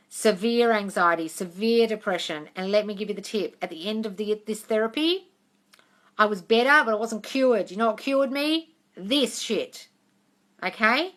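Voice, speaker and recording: On a casual livestream, a manifestation coach answers viewers' questions frankly and emphatically, swearing freely and calling everyone darling. Her voice is fairly high, pushed and bright.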